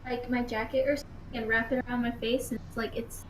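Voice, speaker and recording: A woman with a high voice, playing in a tabletop game and asking tentatively what she can do. Her voice rings in an echoey room with faint background noise. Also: flat delivery, quick pace. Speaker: player. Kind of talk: casual chat.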